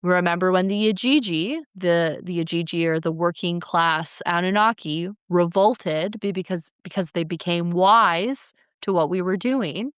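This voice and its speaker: A woman voicing a stern, controlling male god who commands and forbids, in a smooth voice. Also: fairly low pitch, unhurried, hardly any pauses, dry recording, natural voice. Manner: commanding, strict.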